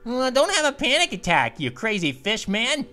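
A woman's voice: on the high side, wildly swooping pitch, normal speed, pushed and bright, exaggerated voice. A woman voicing a goofy, hyper cartoon gaming host who stammers and giggles through comedic let's play commentary.

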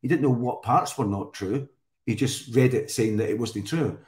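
A man's voice: mid-range voice, normal speed, a little mellow. A Scottish man chatting as a guest, telling stories in a rambling way with many restarts. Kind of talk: casual chat. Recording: roomy echo.

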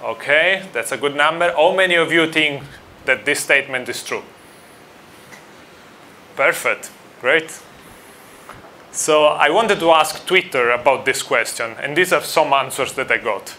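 Speaking with an Italian accent, a man from Italy gives a friendly conference talk, asking a live audience questions. His voice is fairly high, pushed and bright, a little slow with long pauses, over slight background noise.

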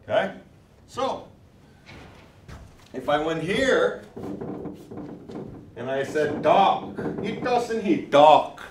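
A male language teacher leads a classroom lesson in a slightly higher voice, taking his time and drawing out words so the class can echo them. The recording is roomy and distant, with a faint hiss underneath. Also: sing-song, extremely slow, pauses often. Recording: echoey room, mic far off, faint noise.

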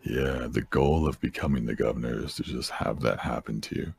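A man chatting casually as a guest on a voice call, speaking in a very deep, gravelly voice with dry, low-key remarks. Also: brisk, a little mellow. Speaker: guest streamer. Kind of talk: casual voice chat.

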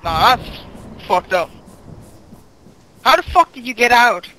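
Gamer, casual play chat, foul-mouthed trash talk, middle pitch, noisy capture. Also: big pitch swings, slow pace, pushed and bright.

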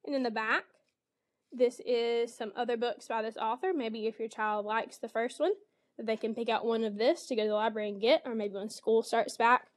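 A woman's voice: a little high, steady tone, normal speed. Woman teacher modeling a picture-book lesson. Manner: explanatory, reads animal sounds with bright expression.

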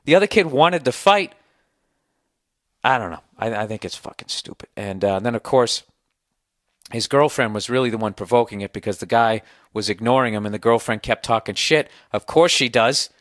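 A man's voice: medium pitch, lively intonation, normal speed, no room sound, studio quality. Profane ranting man with a sore throat. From United States. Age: 40s. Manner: profane, rambling storyteller, incredulous. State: sore throat, slightly hoarse. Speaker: podcast host. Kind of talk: casual podcast rant.

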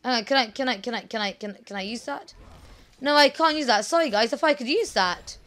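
Woman let's player; high, bright, sharp tone; chatty, excitable, apologetic. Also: brisk. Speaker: let's play gamer. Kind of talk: casual gameplay commentary.

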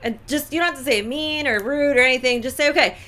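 A woman co-hosting a talk show, giving relationship advice in an animated, emphatic way with lots of repetition. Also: sits high, quick pace. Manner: animated, emphatic, repeats points. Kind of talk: casual advice chat.

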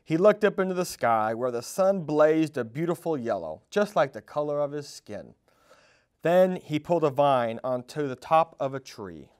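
A man reading a children's storybook aloud at a storytime, in an expressive, animated way. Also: fairly high pitch, normal speed, smooth. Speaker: storytime reader.

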